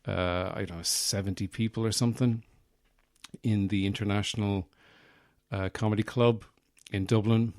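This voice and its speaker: A man hosting his own podcast, rambling through a deadpan comic monologue full of mock bragging and fillers. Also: on the low side, moderate pace, no room sound, studio quality. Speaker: podcast host, comedian.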